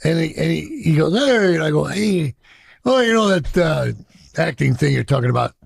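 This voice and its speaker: Gravelly, husky older man telling stories. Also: a little high, animated, brisk, dry recording. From Chicago. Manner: profane, reflective, acts out quoted voices. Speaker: interviewee. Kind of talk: candid storytelling in an interview.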